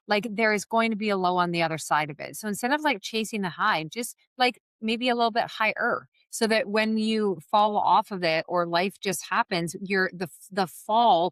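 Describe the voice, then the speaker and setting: A woman's voice: medium pitch, normal speed, hardly any pauses, fairly bright tone, no room sound, studio quality. A woman guest on a podcast, talking earnestly and encouragingly in a casual conversational way, often saying "like" and "you know". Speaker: podcast guest, wellness business founder. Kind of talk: conversational interview.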